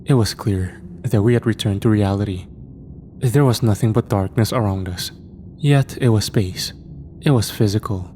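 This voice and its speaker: A man narrating a sci-fi horror story in a measured, ominous way. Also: lowish voice, mellow, slight background noise. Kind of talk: scripted narration.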